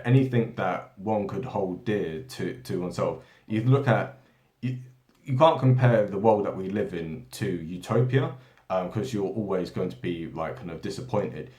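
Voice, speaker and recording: A man's voice: low-pitched, moderate pace, darkish tone. A man from Britain giving an unscripted political monologue, rambling with frequent restarts and tag questions like "right?" and "yeah?". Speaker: political commentary channel host. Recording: echoey room.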